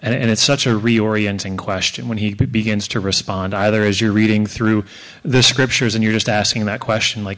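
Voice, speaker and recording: A man's voice: lowish voice, steady tone, normal speed, a bit bright. A man on a church Q&A panel who lays out his points in order, thoughtful and lightly humorous. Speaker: church panelist, men's group leader. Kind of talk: panel discussion.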